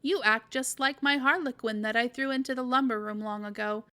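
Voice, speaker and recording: A woman voicing a lively, cheeky young boy who talks eagerly in a read-aloud storybook. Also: a little high, fairly quick, smooth.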